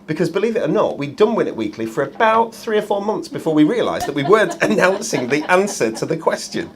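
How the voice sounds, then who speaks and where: Chatty guy hosting a shopping show, bouncy pitch, faint room hum. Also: sing-song, fast talker. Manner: chatty, jokey, many ums. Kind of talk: live shopping chat.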